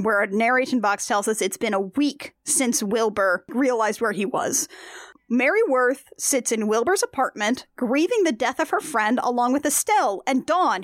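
A woman's voice: a little high, lively intonation, moderate pace, no echo, studio quality. A woman hosting a casual podcast, recapping a comic strip with exasperated sarcasm and frequent laughter.

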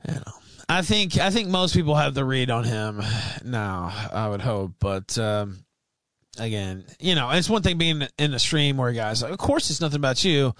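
A man in casual online chat, animated and playfully mocking. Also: medium pitch, normal speed, no room sound.

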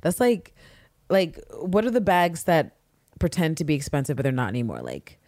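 Animated, swearing podcast co-host. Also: medium pitch, normal speed, dry recording, clean studio sound. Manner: animated, often laughing and acting out characters' lines; swears freely. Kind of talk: casual TV recap chat.

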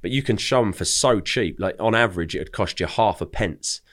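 A young adult man from England tells a story casually and chattily as a podcast guest, often repeating words as he starts his sentences. His voice is lowish and a bit bright, and he talks a little fast.

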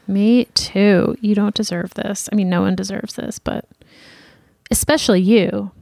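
A woman co-hosts a casual advice podcast in a chatty, encouraging way. Her voice sits at a middle pitch. It is recorded close and dry, with no room sound. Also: fairly even intonation, vocal fry, darkish tone, no echo. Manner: chatty, encouraging, quick to laugh. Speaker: podcast co-host.

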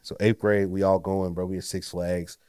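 A man co-hosting a podcast in casual chat, joking and cutting in with quick, slangy remarks. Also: sits low, level tone, a little mellow, smooth. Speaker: podcast co-host.

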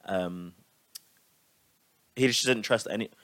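A man's voice: lowish voice, slow pace, dry recording. Teasing man in casual chat, dry sound. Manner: animated, teasing, swears freely.

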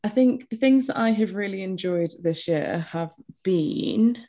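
A woman co-hosting a podcast, chatting in a relaxed way with frequent ums. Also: mid-range voice, unhurried. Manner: relaxed, hesitant, with many ums. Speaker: podcast co-host. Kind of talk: casual chat on a call.

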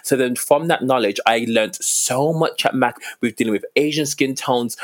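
A young man, a makeup artist, chatting casually and animatedly, often acting out customers. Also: moderate pace. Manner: animated, acts out customers in high voices. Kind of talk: casual chat.

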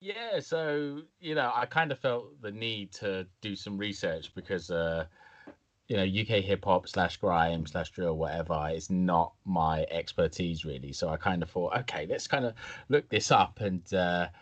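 A man's voice: deep voice, measured pace. A young man telling a story casually on a podcast, now and then putting on voices. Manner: laid-back storytelling, slips into mock voices. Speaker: podcast co-host.

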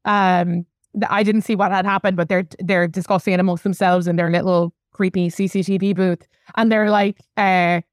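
A woman's voice: lowish voice, flat delivery, moderate pace, hardly any pauses, no echo, clean studio sound. A young woman hosting a casual pop culture podcast, chatty and gushing, swearing freely with big reactions. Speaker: podcast host.

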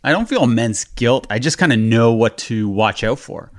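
Relaxed, reflective man chatting. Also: mid-range voice, normal speed. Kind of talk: casual chat.

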